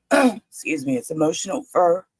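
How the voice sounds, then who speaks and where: Woman, low voice, motherly, chatty, throat catching, dry close mic. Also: breathy edge, dry recording, low-quality recording. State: throat catching, clearing it often. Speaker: livestream co-host. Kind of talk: casual livestream chat.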